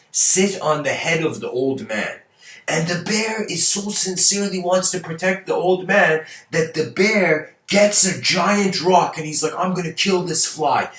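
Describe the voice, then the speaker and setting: A man's voice: on the high side, a bit bright, reverberant. A man whose first language is Persian, talking casually to viewers, rambling through fables with frequent laughs and restarted words.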